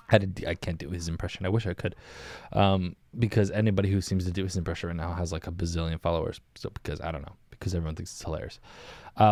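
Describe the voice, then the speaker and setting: A man's voice: deep voice, fast, dry recording. A young man hosting a casual solo podcast, rambling, laughing often and calling his listeners "dude". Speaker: podcast host. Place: small windowless indoor room.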